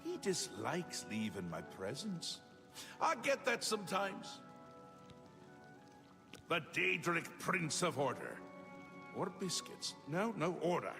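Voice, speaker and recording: An actor playing a manic male Daedric prince who swings wildly between whispers and shouts, in a video game. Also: on the high side, wildly swooping pitch, slow pace, vocal fry, long pauses, soft background music, exaggerated voice. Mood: mocking. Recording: game audio with long reverb.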